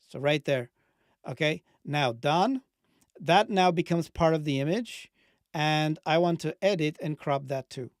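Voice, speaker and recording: A man hosting a casual screen-share walkthrough of a software tool, talking through each click as he goes. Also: a little high, dry recording, studio quality. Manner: casual, conversational, thinks aloud while clicking. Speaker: channel host.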